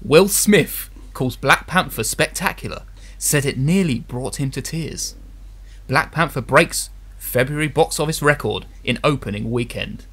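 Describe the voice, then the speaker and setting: Guy hosting a movie podcast, dry teasing tone, mid pitch. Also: lively intonation, a little slow, fairly bright tone. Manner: dry, teasing, reads out news items. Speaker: podcast host. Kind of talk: casual chat.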